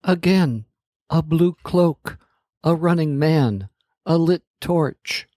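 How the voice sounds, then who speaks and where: A man's voice: on the high side, slow pace, dark tone, dry recording, clean studio sound, voice pushed up. A man voicing a bold young princess.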